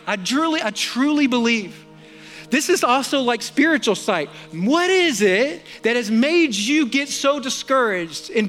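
High, bright-voiced preacher. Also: male voice. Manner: energetic storytelling, acts out quoted dialogue. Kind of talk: sermon.

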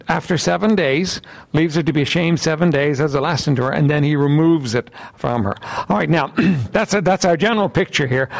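A man preaching a sermon, reading scripture aloud in its old wording and often clearing his throat. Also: fairly high pitch. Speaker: Bible teacher.

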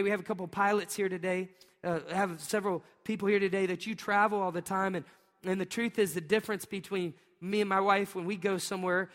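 A middle-aged pastor preaching a sermon, animated and storytelling, often laughing and acting out voices. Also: male voice, high voice. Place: large church hall. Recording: long hall reverb.

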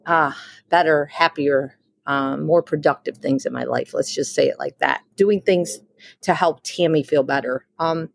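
A middle-aged woman hosting a podcast, telling her own story in a candid, halting way with many pauses and restarts, recorded outdoors in some wind. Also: sits low, vocal fry, dry recording. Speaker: podcast host. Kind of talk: personal testimony podcast.

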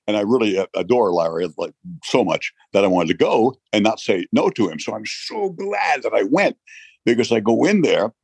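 Older New man, husky low voice. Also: moderate pace, no echo. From New York. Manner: animated storyteller, laughs often, acts out voices. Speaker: retired baseball broadcaster, guest. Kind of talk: storytelling interview.

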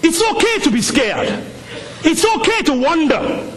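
Animated high-voiced male preacher. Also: a little slow, a little hiss or hum. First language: not English. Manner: animated storytelling, rising to shouts. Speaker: pastor. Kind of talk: sermon.

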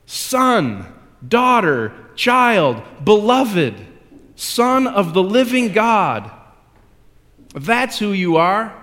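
A man's voice: high voice, sing-song, drawn-out words, a bit bright, long reverb tail. A male pastor preaching a sermon in a conversational, self-deprecating way that builds into emphatic repetition.

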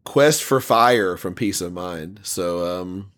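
Rambling, low-voiced male podcast host. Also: a bit bright. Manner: rambling, halting, with many fillers and restarts. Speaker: podcast host running a song vote. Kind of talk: casual chat.

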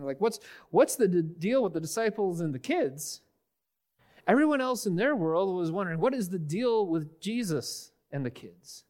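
High-voiced pastor preaching casually. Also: male voice. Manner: animated, casual, repeats words when restarting. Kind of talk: conversational sermon. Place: church stage before a congregation.

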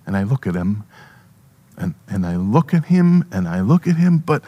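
A male pastor giving a first-person storytelling sermon, animated with halting restarts. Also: fairly low pitch.

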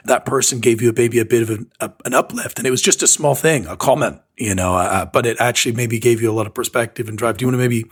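Fast-talking husky male podcast host. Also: mid-range voice. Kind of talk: interview questions.

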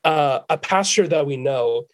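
A man who is a guest on a Christian podcast, speaking slowly and deliberately and stressing key words. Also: fairly high pitch, expressive, low-quality recording.

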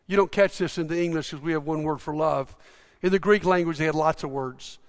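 A man preaching a sermon, retelling scripture as a story and acting out the quoted lines, swinging from loud to hushed. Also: on the high side, normal speed, long reverb tail.

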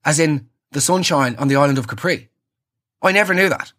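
A man's voice: a little high, a little fast, bright, forceful tone. An Irish man in his thirties hosting a comic podcast, telling sarcastic, ranting stories. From Ireland. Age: 30s. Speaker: podcast host.

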